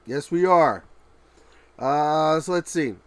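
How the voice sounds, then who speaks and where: A man in his thirties co-hosting a podcast, telling animated family stories in casual chat and laughing loudly at them. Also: a little high, slow pace, smooth, no room sound. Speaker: podcast co-host.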